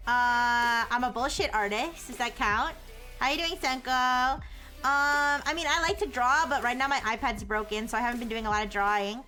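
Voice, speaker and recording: A woman's voice: fairly high pitch, sharp tone. A young woman chatting casually on a livestream, answering chat messages and giggling often.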